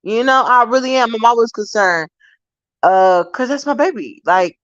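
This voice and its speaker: A young adult woman casually telling stories to her viewers in an animated, profane, laughing way. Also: normal speed, no room sound. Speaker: vlogger. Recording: dull, dry low-fi sound.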